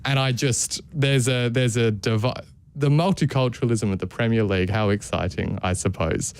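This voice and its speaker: A young man co-hosting a radio football show, chatting in a rambling, animated way. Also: mid-range voice, normal speed, smooth. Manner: animated, rambling, laughs often. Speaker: podcast co-host. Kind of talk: casual football chat.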